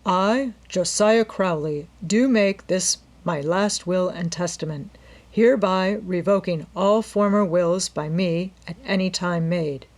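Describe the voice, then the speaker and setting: A woman voicing a calm, courteous middle-aged male lawyer with a polite, measured manner in a storybook reading. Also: lowish voice, lightly acted. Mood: formal reading.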